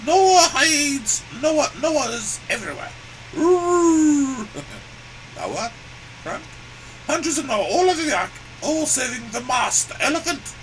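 A man's voice: extremely high pitch, animated, slow pace, fairly bright tone, a little hiss or hum, full character voice, rough recording. A man voicing a crude, boastful, grumpy male elephant puppet that cries "ooh" and rants with profanity. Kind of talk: puppet comedy sketch.

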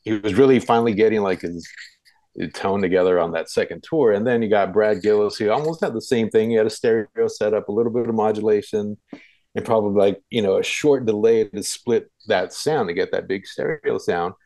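A man's voice: on the low side, a little fast, dark tone, no echo, poor audio. A man talking casually in an interview, recalling an old concert with many fillers and restarts. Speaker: guest.

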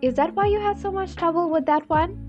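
A woman's voice: a little high, expressive, brisk, muffled recording, faint music behind. A woman doing a bubbly, teasing young heroine. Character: playful cheerful young woman hero, teasing.

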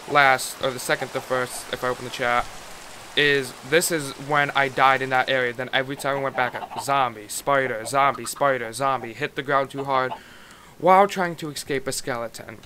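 A man's voice: medium pitch, fairly even intonation, moderate pace. A man giving casual let's-play commentary on his game, grumbling and exasperated as he plays. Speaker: gaming YouTuber. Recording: loud background noise.

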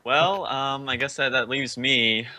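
A man's voice: medium pitch, unhurried, pushed and bright. A man on a casual gaming podcast, rambling and stammering, with mock boasts. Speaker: podcast co-host, modding tutorial maker.

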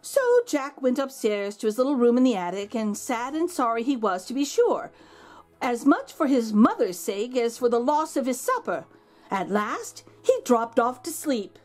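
A woman who hosts a children's channel, reading a picture book aloud in an expressive storytelling manner. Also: on the high side, moderate pace.

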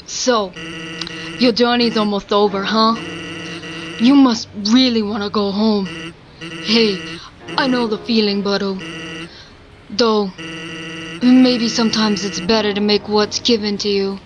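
A woman's voice: mid-range voice, steady tone, measured pace, pauses often, noisy background, lightly acted. A woman reading a lazy joking skeleton. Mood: laid-back. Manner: laid-back, drawling, joking. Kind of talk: reading game dialogue aloud.

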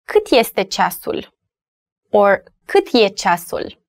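A woman's voice: medium pitch, big pitch swings, slow, no echo, clean studio sound. A woman with a Romanian accent teaching basic words, patiently repeating each phrase for learners. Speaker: language teacher. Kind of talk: language lesson.

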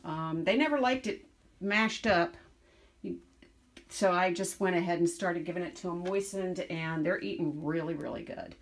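A dog breeder with a lowish voice chats casually at a normal speed in vlog-style narration while showing her puppies, slipping into baby talk with them. There's background noise in the recording.

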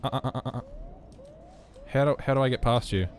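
An Australian man streams a horror game live, nervous and jittery, swearing a lot and joking his way through his fear. He talks briskly in a mid-range voice.

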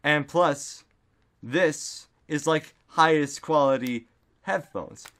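A man sits at home with a desktop studio microphone, rambling through a casual vlog with plenty of fillers and abrupt silly outbursts. His voice is a little high and a bit bright, and he talks slowly.

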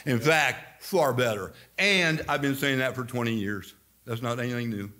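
A man's voice: mid-range voice, moderate pace. An older man from Indiana with a slight Southern-sounding accent, preaching an emphatic sermon as pastor. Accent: slight Southern-sounding American. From Indiana, USA. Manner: emphatic, animated preaching with quoted asides.

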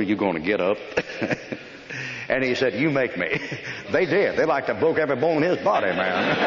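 An older American preacher telling blunt, folksy army stories in a sermon, scolding and emphatic. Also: male voice, medium pitch, slight background noise. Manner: folksy storytelling with rough army anecdotes. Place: church hall. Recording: echoey hall, dull old recording.

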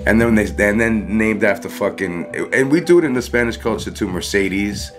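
Young male co-host, laid-back swearer, lowish voice, guitar music loud behind. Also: moderate pace. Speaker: podcast co-host. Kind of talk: casual chat.

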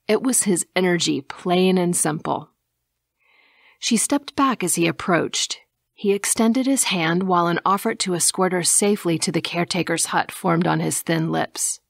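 A woman narrating an audiobook in a measured, even reading, dropping to a hush at times. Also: lowish voice, gravelly, no room sound, clean studio sound.

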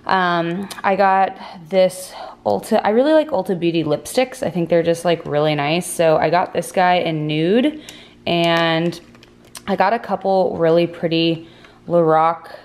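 Chatty young woman vlogging to camera. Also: on the low side. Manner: chatty, slangy, quick asides. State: out of breath after a workout. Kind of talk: casual vlog chat.

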